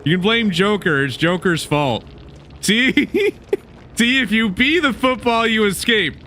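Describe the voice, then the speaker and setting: Man, game streamer, casual chat, bright tone, slightly high pitch, laughs a lot. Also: lively intonation, takes it slowly. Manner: chatty, laughs often, talks to chat.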